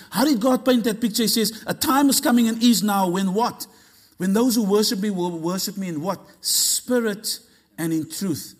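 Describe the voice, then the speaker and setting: Man, preaching, animated storyteller, high-pitched voice. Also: normal speed. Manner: animated storytelling, acting out dialogue. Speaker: pastor. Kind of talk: sermon.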